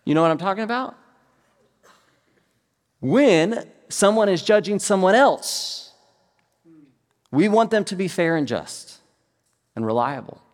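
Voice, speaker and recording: Delivering a sermon, a middle-aged pastor from the US speaks in a high voice, a little slowly, leaving long pauses, and a long reverb tail trails his words. He's an animated storyteller who performs the quotes in his tales.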